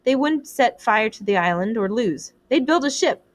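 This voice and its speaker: A woman's voice: on the high side, animated, moderate pace, lightly acted. Piggy, a woman doing a fretful schoolboy. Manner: worried, plain-spoken, pleading. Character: Piggy, anxious earnest schoolboy.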